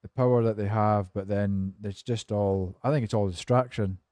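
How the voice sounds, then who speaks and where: A man with a warm, mellow voice talks to his stream viewers in loose, rambling chat, swearing easily and answering their messages. His tone is laid-back and cynical. The sound is dry and close, with no room around it. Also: fairly low pitch, fairly even intonation, moderate pace, no echo. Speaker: game streamer chatting with viewers. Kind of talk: casual live-stream chat.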